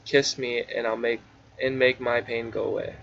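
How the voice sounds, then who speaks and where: Man reading the part of a lovesick, secretive young hero, read flat, on a dull recording. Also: medium pitch, moderate pace, vocal fry, slight background noise. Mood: tender.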